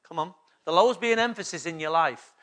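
A man preaching a sermon with a high, bright voice. He hammers his points home through repetition and keeps asking the room for agreement. His delivery is emphatic, as a pastor addressing his own congregation. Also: quick pace. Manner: emphatic preaching with repeated call-and-response questions.

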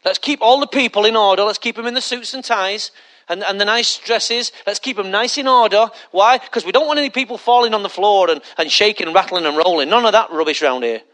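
A man's voice: high voice, brisk, fairly bright tone. A male pastor preaching a conversational sermon full of rhetorical questions and mocking asides.

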